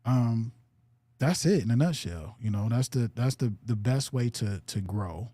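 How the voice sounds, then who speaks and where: Easygoing male podcast host, dark tone. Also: medium pitch, expressive, a little slow, husky, no echo. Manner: loose, filler-heavy, checks in with "right?" and "you know". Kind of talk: casual podcast chat.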